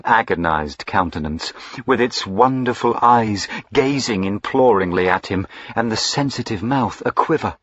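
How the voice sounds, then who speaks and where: A man narrating a period novel in a measured, dramatic reading. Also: sits low, fairly bright tone, slightly rough, dry recording. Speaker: audiobook narrator. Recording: dull lo-fi recording.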